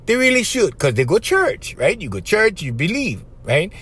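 A man's voice: high voice, normal speed, husky. A middle-aged man from Hawaii with a Hawaiian Pidgin accent, hosting a casual motivational podcast and chatting straight to his listeners. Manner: animated, chatty, addresses listeners directly with 'bruh' and 'right?'. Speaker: podcast host.

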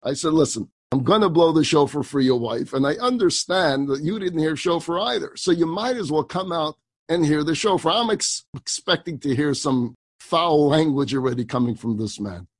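A man's voice: on the high side, moderate pace, dry recording. A man, a rabbi, telling a personal story in a sermon, acting out the dialogue and laughing as he goes. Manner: animated storyteller who acts out dialogue, laughs while telling.

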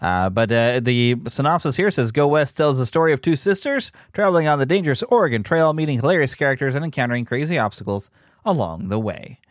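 A man's voice: medium pitch, lively intonation, quick pace, dry recording, clean studio sound. A man hosting a fan podcast who chats casually about upcoming films and reads their descriptions aloud, with frequent fillers and restarts. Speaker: podcast host. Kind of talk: casual movie news commentary.

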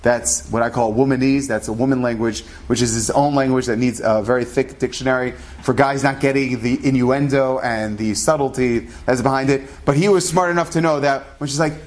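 A man's voice: mid-range voice, a little fast, hardly any pauses. A man telling a story in a casual, rambling, conversational way, full of asides.

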